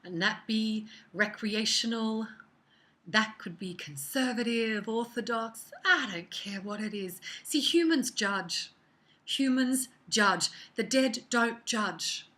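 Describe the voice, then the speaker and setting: A woman runs through her weekly oracle card reading in a loose, conversational way. Her voice is bright and forward, her talk animated and expressive, and she often slips into soft, half-whispered asides. It sounds like a personal chat with the viewer. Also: on the high side, slow pace. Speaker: psychic card reader.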